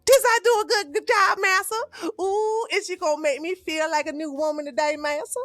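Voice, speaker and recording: A woman's voice: extremely high pitch, fairly even intonation, a little fast, fairly bright tone, no room sound, studio quality, faint music behind, voice pushed up. A woman voicing a servile, fawning enslaved woman as a mocking caricature, with a pleading, drawling, exaggeratedly subservient delivery.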